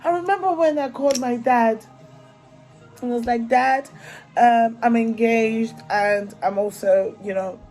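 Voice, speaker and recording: A woman's voice: on the high side, a little slow, darkish tone, soft background music, rough recording. A young woman from Africa with an African accent, chatting casually and animatedly to her vlog viewers and laughing often. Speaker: vlogger.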